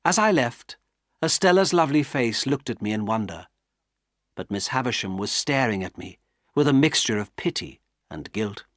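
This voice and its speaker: A man narrating a graded-reader classic as an audiobook, with clear, measured storytelling. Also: mid-range voice, animated, a bit bright, dry recording, clean studio sound.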